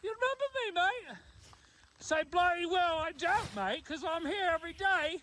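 A man's voice: very high-pitched, lively intonation, moderate pace, pushed and bright, full character voice. A man outdoors in wind and snow, voicing a grumbling character who calls himself Uncle Colin in a put-on British-style voice, ranting to the camera and calling everyone mate. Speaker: video maker.

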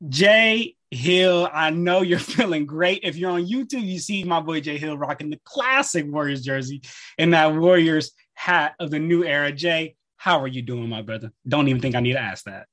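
A man with a notably high voice hosts a casual sports podcast chat. He sounds upbeat and talks in loose slang, laughing often between his lines. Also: fairly bright tone. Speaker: podcast host.

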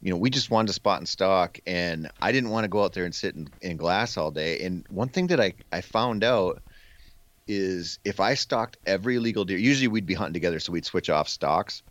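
A man's voice: low-pitched, animated, a little fast, fairly bright tone, dry recording. A man in casual podcast conversation, telling easygoing hunting stories with plenty of "man" and "freaking". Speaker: podcast guest. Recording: dull, dry lo-fi sound.

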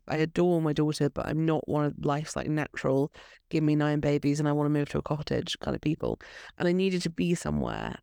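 A woman in casual conversation, telling candid stories in an animated way with many restarts. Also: sits low, gravelly, clean tone. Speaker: guest. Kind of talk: casual podcast chat.

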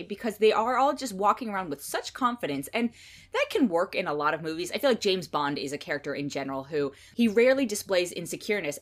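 A woman giving a casual, candid spoken film review, opinionated and animated, voicing little mock quotes. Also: medium pitch.

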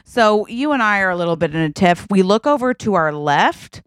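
Woman co-host, animated improv storyteller, dry close-miked sound. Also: medium pitch, brisk, clean tone, no echo. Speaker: podcast co-host. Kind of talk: casual comedic improv chat.

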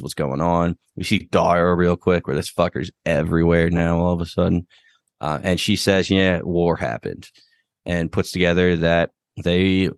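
A man's voice: deep voice, no echo. A young man casually recapping a TV episode, talking loosely with fillers and the odd swear. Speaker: podcast host.

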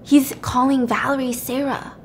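Chatty woman with a fairly high voice. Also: normal speed, slight background noise. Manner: chatty, animated, lots of "like". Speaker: podcast host. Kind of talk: casual retelling of a movie plot.

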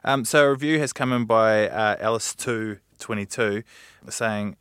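Low-voiced man reading a listener review. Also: measured pace, hardly any pauses, fairly bright tone, clean tone, no echo, studio quality. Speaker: podcast host.

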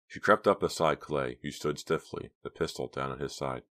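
Deep deep voice guy reading a novel aloud, measured and hushed. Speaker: audiobook narrator. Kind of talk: scripted narration.

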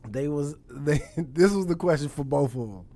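A man's voice: on the high side, lively intonation, normal speed, dark tone. A man co-hosting a casual podcast chat who laughs often and asks short questions.

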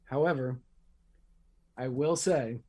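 A man with a mellow, warm voice at a mid pitch, talking casually on a podcast. He speaks earnestly and stresses his points by repeating them. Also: slow, breathy edge. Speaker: podcast co-host. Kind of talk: casual chat.

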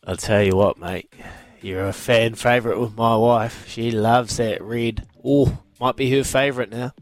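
A man's voice: mid-range voice, steady tone, measured pace, no echo, faint music behind. A man with a New Zealand accent hosting a radio sports quiz, bantering and teasing callers. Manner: cheeky, teasing, laughs often.

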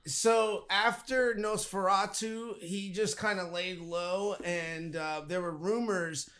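A man co-hosting a podcast in casual chat, relaxed and a bit hesitant. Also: sits high, slow. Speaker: podcast co-host.

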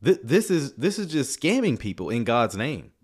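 A man's voice: mid-range voice, very animated, moderate pace, slightly rough. A man giving sarcastic reaction commentary on video clips, with chuckling asides.

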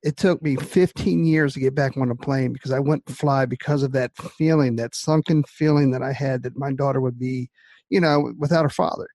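Gravelly middle-aged man, reflective. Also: mid-range voice, steady tone, a little mellow, no room sound. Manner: reflective, measured, hesitant fillers. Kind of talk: conversational interview.

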